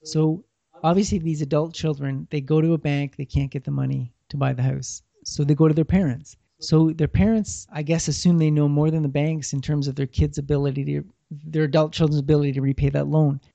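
A man's voice: a little high, fairly even intonation, brisk, gravelly, warm tone, dry recording. A man giving plainspoken money advice in casual talk, often repeating words as he thinks. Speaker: financial guest. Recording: dull lo-fi sound.

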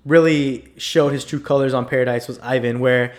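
A man's voice: medium pitch, steady tone, normal speed. A man co-hosting a podcast, chatting casually and dropping jokes. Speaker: podcast co-host. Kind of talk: casual chat.

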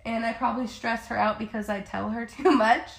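A woman's voice: fairly high pitch, steady tone, a little fast, creaky, roomy sound. A woman co-hosting a podcast, chatting openly and giggling easily. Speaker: podcast co-host, makeup artist. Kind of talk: casual chat.

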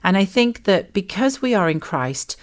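A woman's voice: mid-range voice, sing-song, normal speed. A Welsh woman co-hosting a faith podcast, speaking earnestly and reflectively in repeated phrases. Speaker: podcast co-host. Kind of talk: faith-based conversational podcast.

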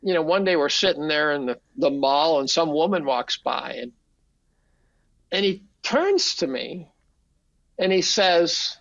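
A man's voice: on the high side, unhurried, gravelly, dry recording, dull audio. An older man, a podcast guest, telling casual stories, swearing freely and acting out quotes. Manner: animated, profane, acts out quotes. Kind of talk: casual storytelling.

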